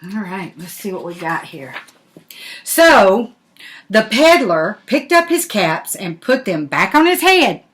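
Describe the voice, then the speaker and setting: An older woman, a grandmother, reading a picture book aloud in an animated way and asking the listener questions. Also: medium pitch, takes it slowly. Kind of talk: storybook read-aloud.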